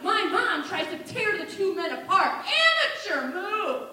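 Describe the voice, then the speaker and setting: A woman telling a family story as stand-up comedy, acting out her relatives in quick changing voices. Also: very high voice, recorded from a distance, background noise. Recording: echoey room, voice from off-mic.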